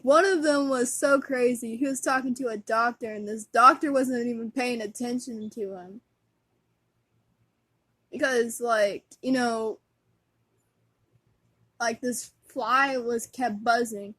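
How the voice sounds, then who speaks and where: A woman's voice: on the high side, steady tone, takes it slowly, long pauses, a bit bright. A woman vlogger chatting casually as a fan, giggly and rambling, with lots of fillers.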